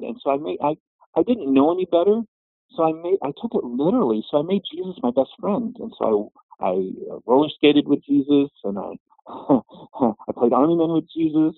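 A man's voice: mid-range voice, vocal fry, slightly rough, no echo. A middle-aged man earnestly recounting his personal testimony, his voice rising when he recalls prayers. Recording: muffled phone-like audio.

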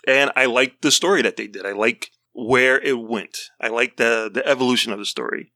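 A man co-hosting a casual movie-review podcast, easygoing and quick to laugh. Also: mid-range voice, sharp tone, dry recording, clean studio sound. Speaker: podcast co-host.

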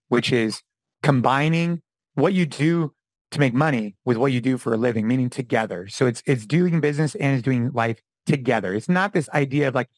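A man in his forties talking casually as a podcast guest, telling stories with animated delivery and acting out quotes. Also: medium pitch, no room sound, rough recording. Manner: animated storytelling, acts out quotes. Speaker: podcast guest, former fitness champion and gym owner. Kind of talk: casual interview talk.

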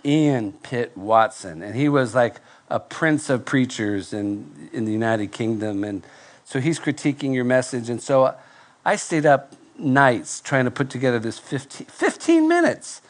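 A male pastor preaching to a live congregation, telling a self-deprecating story in a nasal, fairly monotone voice with halting restarts. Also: medium pitch. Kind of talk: sermon with personal story. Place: church before live congregation.

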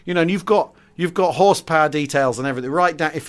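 A man co-hosting a relaxed history podcast. His voice sits a little high, and he talks in a loose, rambling way, restarting his sentences and filling the gaps with "you know" and "um". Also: fast, hardly any pauses. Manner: rambling, many restarts and fillers. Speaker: podcast co-host. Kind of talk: casual history chat.

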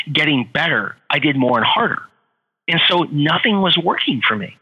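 Animated man telling a story, bright and husky. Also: a little high, long reverb tail, dull audio. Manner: animated, repeats phrases for effect. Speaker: guest, author and entrepreneur. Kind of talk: storytelling in an interview.

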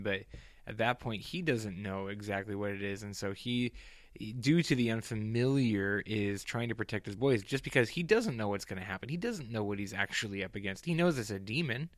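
A man co-hosting a casual TV recap podcast, measured and reasonable, explaining the other side calmly. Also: lowish voice, no room sound, clean studio sound. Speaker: podcast co-host.

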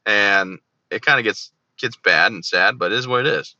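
A man's voice: fairly low pitch, moderate pace, few pauses, sharp tone, no echo, highs cut off. A man in his thirties, a veteran guest on an interview show, telling his own story candidly and animatedly, often acting out remembered dialogue. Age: 30s.

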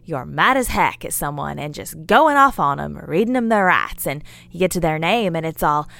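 A woman's voice: low voice, lively intonation, moderate pace, vocal fry, a bit bright, dry recording, full character voice. A woman playing a folksy, chatty character who rambles and scolds her listener as she lectures him about memes. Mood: rambling. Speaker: character in an audio drama monologue. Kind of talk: scripted character monologue.

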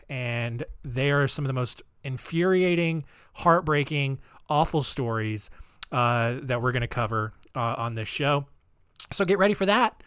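A man's voice: fairly high pitch, fairly bright tone, smooth, dry recording, clean studio sound. Jokey, rambling man hosting a podcast. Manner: jokey, self-mocking, loose rambling delivery. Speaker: podcast host. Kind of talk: casual podcast chat.

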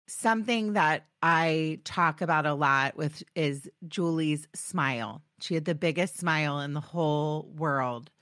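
A woman hosting a podcast, talking in a halting, heartfelt way with many pauses and ums as she gets emotional. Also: low-pitched, a bit bright, no room sound, studio quality. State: getting emotional. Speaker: podcast host.

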